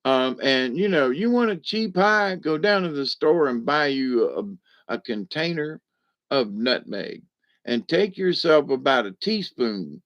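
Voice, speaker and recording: A man's voice: mid-range voice, sing-song, unhurried, fairly bright tone. A man telling stories in a folksy, rambling way, often chuckling, in a casual monologue. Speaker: vlogger. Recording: dull lo-fi recording.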